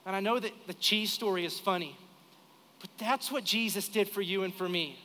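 Man, 30s, pastor, high bright voice, animated storytelling, live church hall reverb. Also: normal speed. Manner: storytelling, animated, acts out dialogue. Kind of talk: sermon. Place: church sanctuary during live service.

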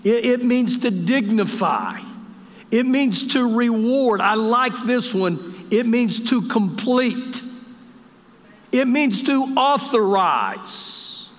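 A man with a notably high voice preaches a live Sunday sermon, jovial and talking directly to his congregation. The church around him rings with a long reverb. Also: animated, slow. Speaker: pastor. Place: church sanctuary during service.

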